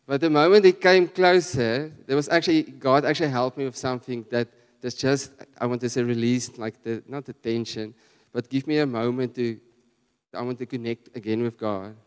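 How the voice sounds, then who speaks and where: A man with a South African accent preaches in a relaxed, chatty way, full of restarts and asides. His voice comes through smooth and resonant, and a long church hall reverb trails behind every phrase. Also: mid-range voice, normal speed. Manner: conversational, animated storytelling with frequent restarts. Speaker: guest preacher. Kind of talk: sermon with personal story.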